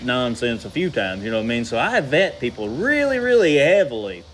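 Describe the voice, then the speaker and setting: A man's voice: mid-range voice, very animated, fairly quick, a little hiss or hum, rough recording. A man preaching a sermon in a folksy, conversational way, asking the congregation questions. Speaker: pastor.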